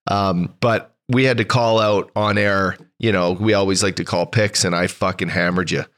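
Laid-back, low-voiced male co-host from Canada. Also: steady tone, normal speed, fairly bright tone. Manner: laid-back, agreeable, swears casually. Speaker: podcast co-host. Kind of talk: casual chat.

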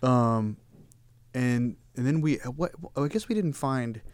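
A man in a casual podcast chat, chiming in with relaxed recollections. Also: mid-range voice, a little slow, no echo.

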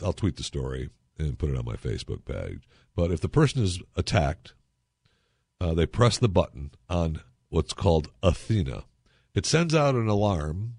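A man hosting a talk radio show, talking in a sarcastic, animated and rambling way. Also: low-pitched, no room sound, studio quality.

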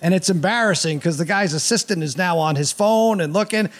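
A man's voice: sits high, brisk. A man co-hosting a sports podcast, chatting casually and rambling with fillers and restarts. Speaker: podcast co-host.

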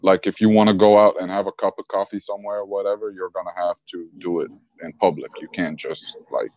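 A young man from Egypt chatting casually on a video call, relaxed and slangy, laughing often. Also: sits low, fast, no room sound, dull audio. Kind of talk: casual chat.

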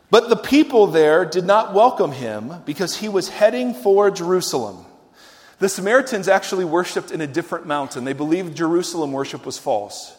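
Male preacher, high voice, chatty and wry, keeps asking the congregation questions. Long hall reverb. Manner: conversational, asks the audience questions, wry humor. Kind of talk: sermon.

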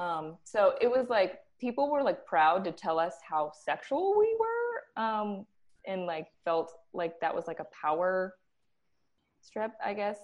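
A woman's voice: mid-range voice, normal speed. Chatty young woman telling her story. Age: young adult. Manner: chatty, animated, with frequent "like" and laughs. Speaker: guest, former Christian band member. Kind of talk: casual interview storytelling.

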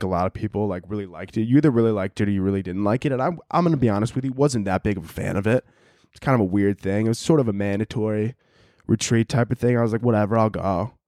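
A man's voice: on the low side, dark tone, dry recording, clean studio sound. A young man hosting a comedy podcast, rambling casually with lots of filler and acting out little scenes. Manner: rambling, heavy on filler, acts out bits in quoted voices. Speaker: podcast host.

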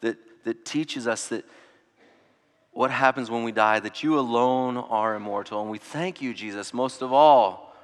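A man preaching a sermon in an earnest way, dropping to hushed tones and rising to emphatic ones. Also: mid-range voice, unhurried, in a large hall. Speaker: pastor.

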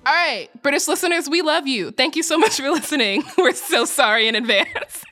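Animated, giggly young woman podcaster. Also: high voice, brisk, music in the background. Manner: giggly, animated, swears casually. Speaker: podcast co-host. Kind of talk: casual podcast chat.

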